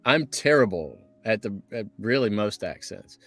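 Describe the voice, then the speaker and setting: A man's voice: on the low side, expressive, normal speed, a bit bright, dry recording, soft background music. A man chatting casually as a voice actor at a live signing, reading out fan comments and riffing on them. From United States. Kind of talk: casual chat.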